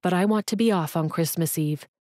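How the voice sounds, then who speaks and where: A woman's voice: fairly low pitch, a little fast, warm tone, no echo, studio quality, close to an everyday voice. A woman voicing a cool, guarded young assistant. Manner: clipped, coolly professional.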